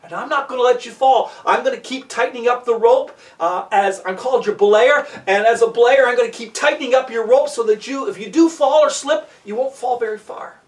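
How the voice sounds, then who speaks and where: Storyteller voicing a calm climbing instructor. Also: mid-range voice, fairly quick, hardly any pauses, lightly acted. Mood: reassuring. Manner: steady, reassuring. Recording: roomy, from a distance.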